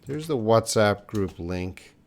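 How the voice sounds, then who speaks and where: A man's voice: fairly low pitch, expressive, slow. A man teaching English on a live stream, answering viewers' questions with patient explanations and example sentences.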